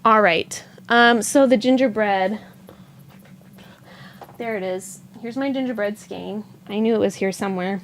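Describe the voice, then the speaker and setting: With slight background noise, a woman with a mid-range voice speaks a little slowly while hosting a yarn shop livestream. She chats casually, thinks out loud and answers viewer comments as they come in.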